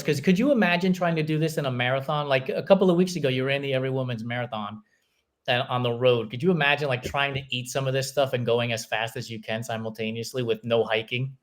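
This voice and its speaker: A man's voice: mid-range voice, fast talker. A man hosting a podcast, who grew up in New York City, chatting casually and telling stories with frequent laughter. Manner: laughs often, relaxed storytelling. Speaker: podcast host. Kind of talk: casual chat.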